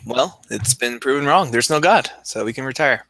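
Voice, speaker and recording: A young podcast co-host who is also a teacher brings dry, wry humor to casual chat and reads passages aloud. His medium-pitched voice is animated and sharp at a normal speed, with no room sound.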